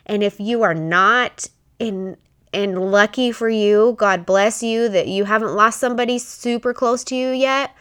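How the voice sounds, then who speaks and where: A woman's voice: medium pitch, unhurried, fairly bright tone, smooth. A middle-aged woman, a mother, telling a personal story in a casual, heartfelt and rambling way. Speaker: widowed mother vlogging.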